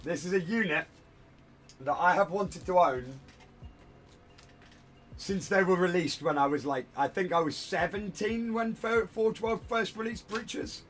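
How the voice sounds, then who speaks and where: A man's voice: high-pitched, measured pace, pauses often, fairly bright tone, faint music behind. A man chatting casually on a hobby livestream from a room at home, rambling and self-deprecating while he works at his desk. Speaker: streamer.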